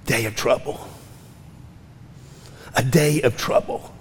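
A pastor in his fifties preaching a sermon with passion, moving between loud cries and hushed whispers. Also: mid-range voice, steady tone, slow, a little hiss or hum. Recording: long hall reverb.

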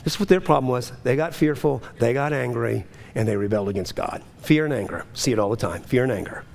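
A man preaching a sermon, swinging between urgent, rising pleas and low, quiet passages. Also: quick pace, vocal fry. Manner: impassioned, rising to urgent high pleas then dropping low. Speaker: pastor.

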